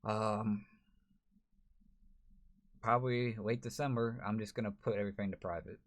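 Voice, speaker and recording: A man's voice: fairly low pitch, fairly even intonation, normal speed. A man, a gaming YouTuber, talking to camera in a frustrated, rambling way, full of restarts. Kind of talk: emotional to-camera vlog.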